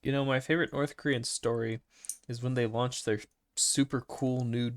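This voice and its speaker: A man's voice: mid-range voice, level tone, normal speed, clean tone. A young man with a Midwestern American accent, co-hosting a casual podcast with dry jokey asides. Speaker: podcast co-host. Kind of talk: casual chat.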